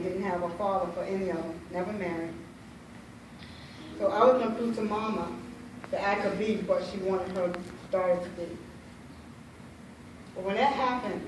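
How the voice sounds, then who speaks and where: Middle-aged woman in a very echoey hall. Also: medium pitch. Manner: heartfelt, halting, with repeated phrases. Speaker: conference speaker, prophetess. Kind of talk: personal testimony. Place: large hall at a women's conference. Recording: echoey hall, voice from far off, faint hiss.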